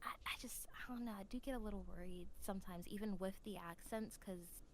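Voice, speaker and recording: A woman's voice: mid-range voice, brisk, slight background noise. An American woman who is a new voice actor, talking as a podcast guest in a chatty, self-deprecating way full of fillers. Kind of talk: casual podcast chat.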